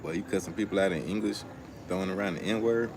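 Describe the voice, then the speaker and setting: A man's voice: sits low, fast talker, background noise. A young man hosting a casual livestream outdoors, telling stories in loose slang and talking to his chat. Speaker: livestream host. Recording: music playing loudly behind.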